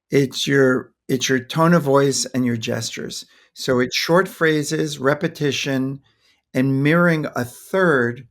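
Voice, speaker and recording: An older man, a pediatrician guest on a podcast, speaking thoughtfully and sometimes acting out how to soothe a child. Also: mid-range voice. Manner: thoughtful, acts out soothing toddler talk. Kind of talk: podcast interview.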